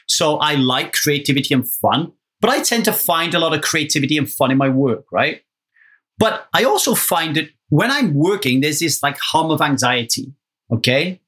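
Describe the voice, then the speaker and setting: A slightly husky man in a casual solo podcast talk, with a voice pitched a little high. He talks with lively energy, swears freely, and keeps checking in with the listener by asking "right?". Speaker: podcast host.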